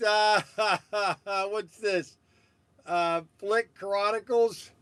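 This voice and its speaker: High-voiced man, slow, rambling chatter. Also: lively intonation, a bit bright, dry recording. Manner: rambling, halting, with frequent chuckles. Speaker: host of a toy shop stream. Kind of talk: casual rambling live chat.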